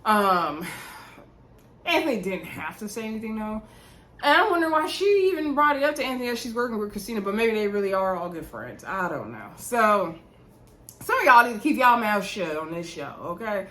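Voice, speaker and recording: A woman's voice: mid-range voice, sing-song, a little fast, fairly bright tone. Chatty woman recapping to viewers, roomy. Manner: chatty, addresses viewers directly. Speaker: reality show recap host. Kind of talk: casual recap commentary. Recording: roomy echo.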